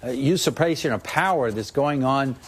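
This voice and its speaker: A man's voice: medium pitch, normal speed, breathy edge. A man, a political guest in a TV interview, defiant and folksy as he brushes off the host. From Texas.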